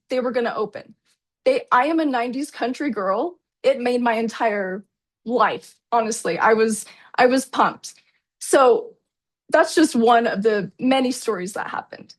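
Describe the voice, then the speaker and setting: A woman presenter telling a personal travel story in an enthusiastic, chatty way, often calling the audience "you guys.". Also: fairly high pitch. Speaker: presenter at a product launch.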